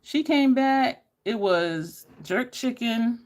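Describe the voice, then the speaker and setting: Chatty woman, lively voice. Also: on the high side, slow pace. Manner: chatty, storytelling, addresses viewers as y'all. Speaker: beauty YouTuber. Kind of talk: casual makeup chat with stories.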